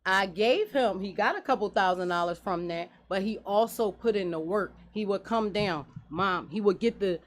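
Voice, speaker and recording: A woman in her forties, a guest business owner in a radio studio interview, talking in an earnest, animated way. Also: mid-range voice, moderate pace, hardly any pauses. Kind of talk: casual interview talk.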